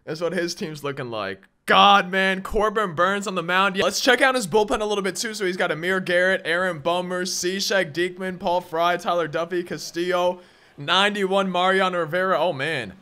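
A young man giving excited gameplay commentary as a gaming channel host, often repeating himself and breaking into loud exclamations. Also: high voice, moderate pace, clear, resonant tone. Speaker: gaming YouTuber.

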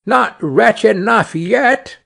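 A man voicing a bold, vengeful female sparrow who scolds in a high, emphatic voice. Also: sing-song, a little slow, vocal fry, full character voice.

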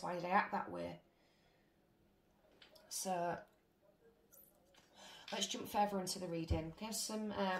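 A woman giving a casual tarot reading to her viewers, chatty and blunt, swearing freely as she goes. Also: mid-range voice. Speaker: tarot reader. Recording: echoey room with faint noise.

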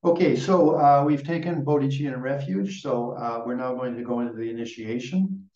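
A man's voice: mid-range voice, steady tone, a little fast, darkish tone. An older man, a Buddhist lama, giving a rambling dharma talk with a story, often restarting his sentences. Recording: dull, echoey room from far off.

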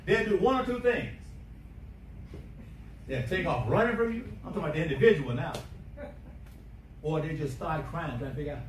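A man preaching a sermon, emphatic, swinging between quiet asides and shouting. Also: high-pitched, big pitch swings, brisk, pauses often. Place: church sanctuary. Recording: echoey church from a distance, faint hiss.

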